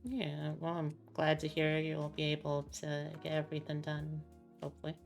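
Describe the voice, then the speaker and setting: A woman hosting a stream, calmly reading game text aloud and chatting with her guest. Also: low-pitched, moderate pace, creaky, faint music behind. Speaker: streamer host.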